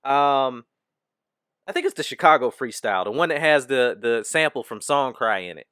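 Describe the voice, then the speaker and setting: A man's voice: medium pitch, lively intonation, moderate pace, fairly bright tone, smooth, dry recording, studio quality. A man hosting a comedy podcast, talking in a loose, slangy way and laughing often. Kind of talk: casual chat.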